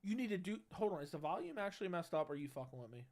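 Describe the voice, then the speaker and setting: His high-pitched voice swings widely in pitch, moves very fast, and has a darkish tone. He's a brash young livestream host on a studio dynamic mic, reading chat and bantering loosely with slang and swearing.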